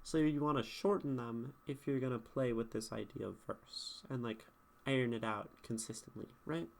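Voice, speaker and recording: Streamer, male, mid-pitched, casual poetry feedback, talks through his thinking, keeps tossing "right?" to chat. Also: fairly even intonation, normal speed, gravelly. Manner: thinking aloud, asks chat questions with many "right?"s.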